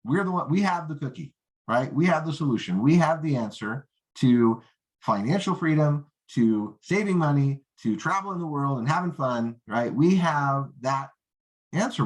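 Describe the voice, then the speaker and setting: A man teaching a network marketing lesson, confident, often checking in with "right?" and "okay?". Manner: confident, acts out rookie and prospect lines in higher voice; peppers talk with "right?" and "okay?". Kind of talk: coaching lesson.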